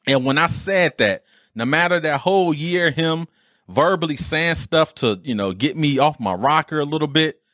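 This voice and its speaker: A man in his forties or fifties from Detroit, telling a casual story on his own podcast with an animated, streetwise delivery and mild swearing. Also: fairly high pitch, moderate pace, dry recording, studio quality. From Detroit, USA. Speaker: podcast host.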